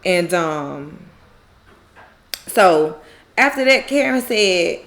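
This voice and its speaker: A woman's voice: on the low side, animated, extremely slow, fairly bright tone. A woman casually recapping a TV drama episode, animatedly retelling scenes, acting out the characters' lines and laughing often. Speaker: recap YouTuber.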